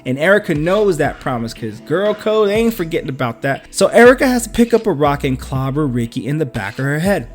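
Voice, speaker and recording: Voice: mid-range voice, a little fast, few pauses, faint music behind. A comic book reviewer narrating a story recap in a casual, slangy, joking way. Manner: slangy, animated, jokey.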